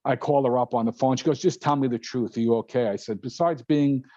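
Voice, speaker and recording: An older man and guest pilot, telling a story in casual talk, animated and laughing often as he acts out other people's voices. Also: medium pitch, a little fast, no room sound. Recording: dull lo-fi sound.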